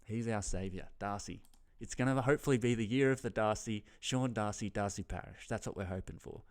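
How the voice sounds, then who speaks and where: A young adult man with an Australian accent talks footy in a loose solo vlog. His voice sits a little low. He rambles, swears a lot and trails off when he loses his thread. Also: fairly quick, darkish tone. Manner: rambling and heavily profane, loses his train of thought. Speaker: footy tipping vlogger. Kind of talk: casual solo commentary.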